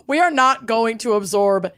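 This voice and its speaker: A woman's voice: on the high side, a bit bright, no room sound. A woman co-hosting a podcast, joking around in a self-deprecating way. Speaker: podcast co-host. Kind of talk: casual podcast chat.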